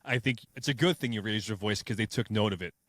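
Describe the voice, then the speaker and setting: A man's voice: lowish voice, fairly bright tone, no room sound. A man, a firefighter and podcast host, talking earnestly about fires in a casual chat. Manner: rapid, earnest, swears when retelling.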